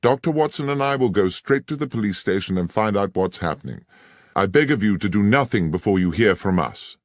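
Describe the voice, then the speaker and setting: A male narrator voicing Sherlock Holmes as a keen, incisive detective who questions in a crisp, measured way. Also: lowish voice, lively intonation, no echo, clean studio sound, voice pushed up. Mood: firm.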